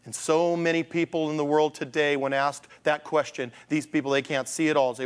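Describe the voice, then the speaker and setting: A man's voice: a little high, little pitch movement, a little fast, hardly any pauses, smooth. A male pastor preaching a conversational sermon, asking rhetorical questions and acting out the voices of the people he quotes.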